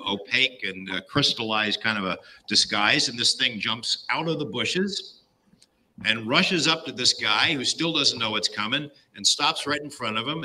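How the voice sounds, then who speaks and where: A man's voice: medium pitch, bright, forceful tone, poor audio. A middle-aged man casually retelling a story, with many fillers and quoted lines acted out. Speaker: guest storyteller.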